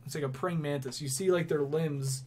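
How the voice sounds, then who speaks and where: Young male podcast co-host, rambly and giggly, slightly high voice, faint noise. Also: moderate pace. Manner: rambling, laughs often. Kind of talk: casual sports chat.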